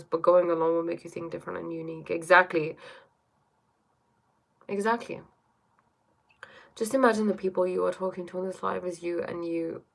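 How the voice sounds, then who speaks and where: A woman hosts a relaxed live stream from her bedroom, talking in a somewhat low voice. She muses reflectively as she reads chat, often checking in with "right?" and "you know?". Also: creaky. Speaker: livestream host reading chat.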